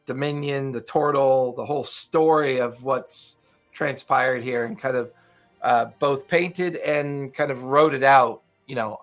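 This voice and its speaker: A man's voice: medium pitch, a bit bright. A man acting as game master, narrating a tabletop game loosely with many fillers.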